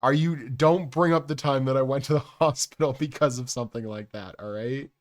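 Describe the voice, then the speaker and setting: A man of mid-range pitch chats loosely on a live stream. He drifts into quiet, mumbled asides while he works, then jumps into loud, joking outbursts. His tone stays playful and rambling throughout. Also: a little fast. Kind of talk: casual live-stream chat.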